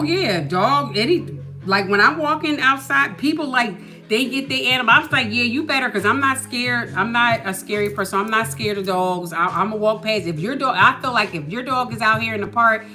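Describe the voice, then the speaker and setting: Animated, bright-voiced woman telling a story. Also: medium pitch, moderate pace, faint music behind. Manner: animated, full of "you know what I mean". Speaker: podcast host. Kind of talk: casual storytelling.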